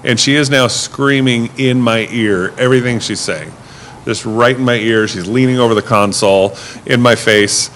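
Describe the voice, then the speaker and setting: A man's voice: mid-range voice, normal speed, a bit bright, a little hiss or hum. A man who works as a rideshare driver telling stories in a casual chat, mimicking his passengers. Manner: easygoing storyteller, mimics passengers. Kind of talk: casual storytelling on a podcast.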